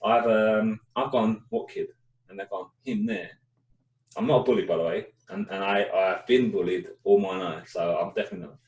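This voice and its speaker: This young man co-hosts a casual chat show, telling an animated story packed with swearing. His voice is fairly low and a little fast, with few pauses, and he sits far from the mic in an echoey room.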